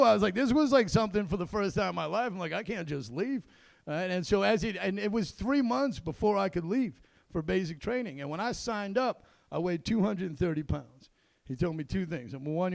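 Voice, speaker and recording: Gravelly high-voiced male stand-up comic. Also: no echo. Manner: storytelling, swings between loud bursts and low muttered asides. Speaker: stand-up comedian. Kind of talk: stand-up set. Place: comedy club stage.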